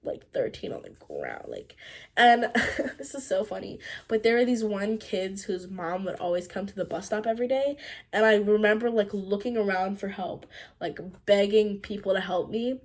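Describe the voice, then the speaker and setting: Teen girl doing a storytime vlog, super chatty, says like a lot, mid pitch. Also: moderate pace. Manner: animated, chatty, lots of "like" and laughs. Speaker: vlogger.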